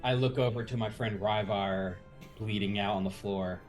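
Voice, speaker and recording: A man's voice: lowish voice, steady tone, moderate pace, faint music behind. A man playing a tabletop game, joking about his own bad dice rolls. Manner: playful, self-mocking about bad rolls. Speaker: player. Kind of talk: casual tabletop game play.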